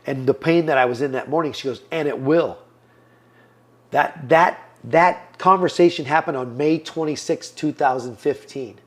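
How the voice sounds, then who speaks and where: A man in his fifties, appearing as a podcast guest, gives an earnest personal testimony and acts out what other people said to him. His voice is on the high side, and he speaks at a moderate pace.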